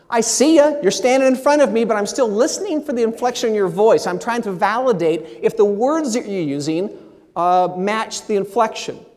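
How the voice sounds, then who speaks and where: A man giving a keynote speech at a meeting, with lively, shifting inflection. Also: sits high. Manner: animated, expressive inflection. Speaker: motivational speaker. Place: large meeting hall. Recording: long hall reverb.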